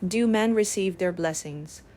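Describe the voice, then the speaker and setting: A woman's voice: on the low side, unhurried, warm tone, close to an everyday voice. A woman voicing a talking plane tree that scolds ungrateful travelers, in a bedtime storybook. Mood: reproachful. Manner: reproachful.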